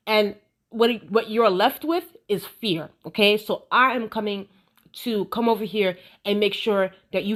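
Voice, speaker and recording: A woman voicing a menacing male titan king who taunts his son in a drawn-out way. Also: fairly high pitch, lightly acted.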